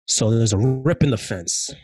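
A man telling stories in casual chat, animated and slangy, with many fillers. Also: medium pitch, moderate pace, slightly rough, no room sound, soft background music.

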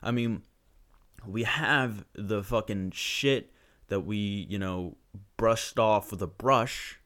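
A man's voice: on the low side, slow pace, a bit bright. A young man ranting profanely and sarcastically through a solo podcast monologue.

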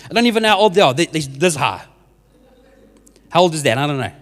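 A young man, a youth minister telling a humorous testimony in a church service, animated and often laughing at himself. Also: fairly high pitch, quick pace. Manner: animated storyteller, laughs often, self-mocking. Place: church hall with a live audience. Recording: reverberant hall sound.

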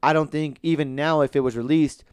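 A man's voice: a little high, steady tone, a little fast, a little mellow, clear, resonant tone, no echo. A man in casual podcast chat about TV shows, rambling with many fillers and restarts and swearing casually.

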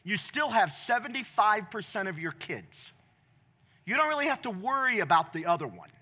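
A middle-aged male pastor preaching a sermon from a church stage, passionate, moving from quiet storytelling to loud, emphatic appeals. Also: high-pitched, big pitch swings, normal speed.

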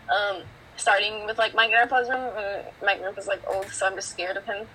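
A woman's voice: medium pitch, fairly even intonation, a little fast, few pauses, pushed and bright, a little hiss or hum, low-quality recording. A teenage girl chatting casually on a podcast, winding through her thoughts with lots of fillers. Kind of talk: casual chat.

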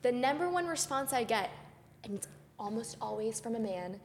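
A woman's voice: on the high side, expressive, moderate pace, in a large hall, slight background noise. A young woman, a podcast co-host and photographer, chatting casually and animatedly, acting out the people she quotes. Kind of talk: casual chat.

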